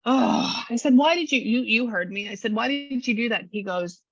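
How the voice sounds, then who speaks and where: A woman's voice: fairly high pitch, animated, normal speed, vocal fry, husky, dry recording, dull audio. A woman working as a spiritual medium, chatting casually with a client and relaying a spirit's words in quotes. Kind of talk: casual reading session with a client.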